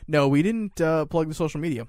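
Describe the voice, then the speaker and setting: A man's voice: fairly high pitch, fairly quick, a little mellow, no room sound, clean studio sound. A man co-hosting a casual podcast, teasing and wry, who breaks off to plug the show's community. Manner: teasing, wry, plugs the show. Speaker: podcast co-host.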